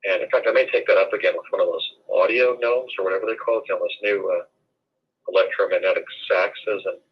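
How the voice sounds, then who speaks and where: A man's voice: deep voice, fairly even intonation, fast talker, breathy edge, muffled recording. A man in his sixties telling a long, rambling story as an interview guest.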